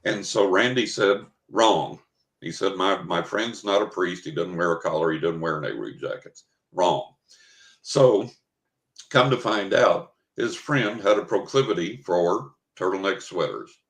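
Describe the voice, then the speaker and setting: A man's voice: deep voice, expressive, normal speed, fairly bright tone. An older man, a psychic guest in an interview, telling an anecdote casually and acting out the quoted dialogue. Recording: roomy echo.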